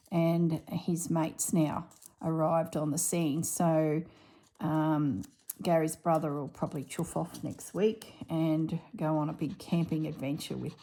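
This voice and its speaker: Mellow-voiced woman, chatty. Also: sits low, creaky. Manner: chatty, laughing, rambling storytelling. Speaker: crafting vlogger. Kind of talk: casual chat while crafting.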